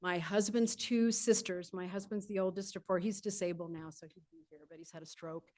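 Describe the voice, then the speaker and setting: A woman's voice: lowish voice, steady tone, brisk, a little mellow. A middle-aged woman speaks at a public meeting in an informal, heartfelt way. She wanders from memory to memory with many restarts and fillers. Her voice sometimes catches with emotion. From California. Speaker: retiring judge giving farewell remarks.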